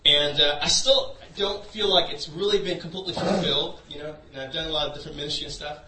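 A man's voice: a little high, fairly even intonation, quick pace, a crowd in the background. A man preaching a sermon through a personal story, in a loose conversational way full of "you know". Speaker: pastor. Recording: echoey room, voice from a distance.

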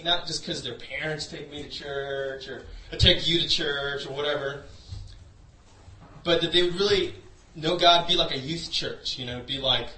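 Bright-voiced man preaching in an echoey room. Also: on the high side, far from the mic, a little hiss or hum. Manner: conversational, many "you know" fillers. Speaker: pastor. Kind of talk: sermon with personal story.

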